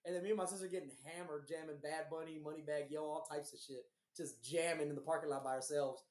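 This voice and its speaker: A man from Houston with a hoarse, recovering voice, co-hosting a podcast and telling rambling, profane stories in a casual chat. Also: fairly high pitch, quick pace, echoey room. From Houston, Texas. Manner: profane, rambling, animated storyteller. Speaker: podcast co-host.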